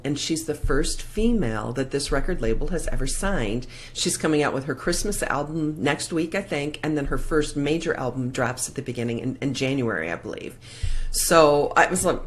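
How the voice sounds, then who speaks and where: Low-voiced emotional woman streaming live. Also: animated, moderate pace. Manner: emotional, heartfelt, talks in restarts. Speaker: host of a live morning show. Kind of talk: casual live-stream chat. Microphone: plug-in microphone.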